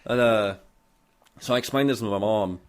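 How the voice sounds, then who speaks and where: A man casually telling a story on a podcast, animated and full of cursing. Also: on the low side, moderate pace. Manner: profane, animated, heavy cursing. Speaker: podcast host.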